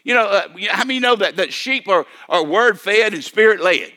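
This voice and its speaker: An older man delivers a sermon in a high, bright voice. He repeats himself, restarts phrases and keeps calling for amens. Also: lively intonation, moderate pace. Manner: repetitive, stammering restarts, calls for amen. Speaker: preacher.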